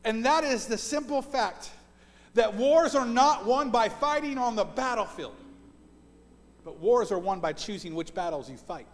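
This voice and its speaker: A man's voice: very high voice, animated, unhurried. A man in his forties preaching a sermon as pastor, earnest and often repeating words as he builds a point. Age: 40s. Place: church sanctuary. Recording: long church reverb.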